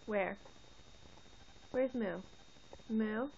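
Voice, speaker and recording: A young mother patiently prompting her toddler through a picture book, with slow sing-song cues and encouraging praise. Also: fairly high pitch, creaky, darkish tone. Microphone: phone. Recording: muffled phone audio with faint hiss.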